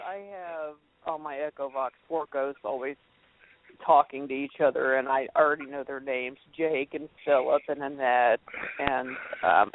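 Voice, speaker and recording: A woman's voice: low voice, a little hiss or hum. A middle-aged woman from North Carolina calling in to a talk show, telling rambling, chatty stories and laughing as she goes. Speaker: caller. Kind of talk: call-in storytelling. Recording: tinny dry phone line.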